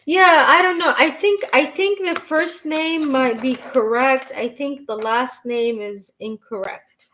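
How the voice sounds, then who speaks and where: A woman doing a live-stream tarot reading, reading chat questions aloud and answering them in a halting way, with frequent restarts. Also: high-pitched, fairly bright tone, slight background noise, rough recording. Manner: slow and unhurried. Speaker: tarot reader.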